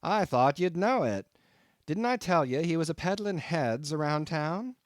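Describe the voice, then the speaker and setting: Brief: a man playing a grinning innkeeper, unhurried and amused, lively voice. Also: on the high side, no room sound, voice pushed up. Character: grinning middle-aged male innkeeper, teasing.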